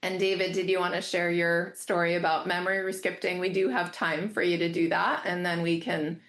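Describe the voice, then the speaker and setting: A woman's voice: fairly low pitch, level tone, a little fast, a bit bright. A woman therapist co-presenting a webinar, telling a clinical case fluently and explaining it. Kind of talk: webinar teaching.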